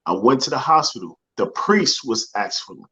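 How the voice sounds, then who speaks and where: A man's voice: mid-range voice, expressive, a little fast, bright, forceful tone, muffled recording, a little hiss or hum. Earnest man telling a personal story. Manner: earnest, repeats phrases while searching for words. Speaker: motivational speaker guest.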